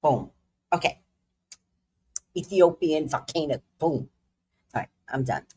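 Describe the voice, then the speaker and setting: Slow, lively-voiced woman chatting. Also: low-pitched, slight background noise. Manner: playful, dramatic, slangy asides. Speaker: psychic livestream host. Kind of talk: casual livestream chat.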